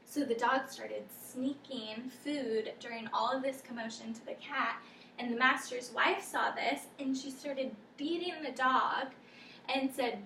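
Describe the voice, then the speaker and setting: A young woman casually retelling a folktale as a storyteller, with animated, loose character voices. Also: high-pitched, unhurried, a little hiss or hum. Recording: echoey room from a distance, faint ambience.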